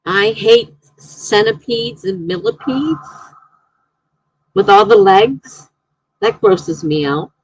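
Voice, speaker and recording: Husky-voiced woman chatting on a live stream. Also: medium pitch, slow, pauses often, no echo, poor audio. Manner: chatty, reads viewer comments aloud and tells excitable anecdotes. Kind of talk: casual live-stream chat.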